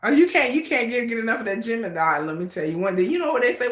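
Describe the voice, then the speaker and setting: Fast and a little high, this woman barely pauses as she hosts a casual livestream in an echoey room. Animated and talkative, she laughs often and keeps addressing her viewers as "y'all."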